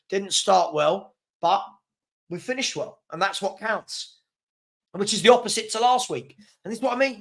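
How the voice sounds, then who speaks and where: High-voiced man hosting a watchalong. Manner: animated, reacts to live chat, chuckles often. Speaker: host of a football fan watchalong. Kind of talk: live watchalong chat and match reaction.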